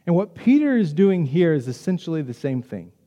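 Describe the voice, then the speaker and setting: A man preaching a sermon as the pastor, in a conversational, animated way with quick acted asides. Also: on the high side, in a large hall.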